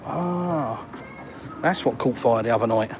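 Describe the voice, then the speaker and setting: A man's voice: mid-range voice, unhurried, over music. A retired man from England with an English accent, chatting on a live-streamed walk outdoors and reading out viewer comments in a matey way. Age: older. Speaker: vlogger. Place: outdoors by water in a town. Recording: outdoor traffic noise.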